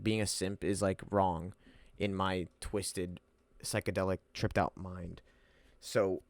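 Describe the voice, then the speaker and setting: Young man, lower voice, animated and profane casual storyteller, dry close sound. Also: no echo. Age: young adult. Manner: profane, rambling, animated retelling.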